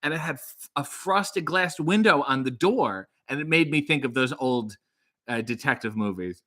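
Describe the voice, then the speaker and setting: Animated man reading live chat. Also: mid-range voice, moderate pace. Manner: animated, jokey, reads comments aloud in a bright upbeat voice. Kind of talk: casual live-stream chat.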